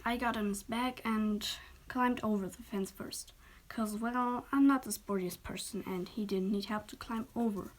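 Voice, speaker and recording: Young woman narrator; soft, whispered role-play reading. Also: mid-range voice, fairly even intonation, moderate pace. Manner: soft, often whispered, occasional stumbles. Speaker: story reader.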